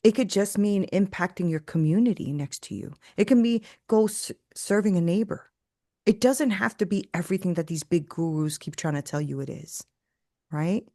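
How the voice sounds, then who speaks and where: This is a woman faith coach on a podcast, low-voiced for her sex and recorded very dry and close. She tells stories with preachy emphasis, tags her points with "right?" and swings her pitch wide when she acts out other people. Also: animated, normal speed, dark tone, no echo. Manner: acts out quoted voices with big pitch jumps. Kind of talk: storytelling faith talk.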